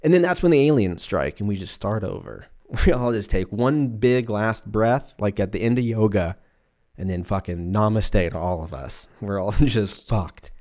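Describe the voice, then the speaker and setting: His voice is lowish, animated and darkish in tone, moving at a moderate pace. He's a man in his twenties hosting a podcast alone, rambling, swearing without restraint and slipping into silly exaggerated voices, all recorded at home in a room with the windows open.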